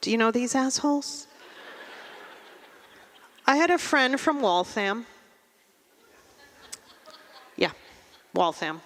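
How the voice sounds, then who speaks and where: Brief: dry, deadpan stand-up woman, bright voice, long reverb of a live venue. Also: on the high side, slow pace. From Russia. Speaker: stand-up comedian. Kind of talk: stand-up comedy set.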